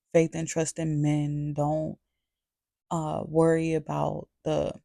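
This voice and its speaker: A woman's voice: low voice, creaky, warm tone, no room sound, studio quality. A woman vlogger giving a candid, confessional testimony to camera, earnest and repeating her phrases for emphasis. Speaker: faith vlogger.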